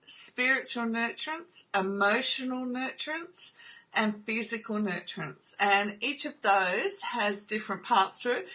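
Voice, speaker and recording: Earnest bright-voiced woman. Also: a little high. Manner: earnest, checks in with frequent "okay?"; emotional while telling personal stories. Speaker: trauma recovery video host. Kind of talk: personal talk to camera.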